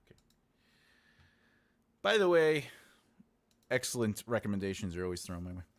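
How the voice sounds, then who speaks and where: An American man, an author hosting his own channel, chats casually in a livestream, rambling and repeating phrases as he addresses viewers. His voice sits on the low side, with big pitch swings at a normal speed.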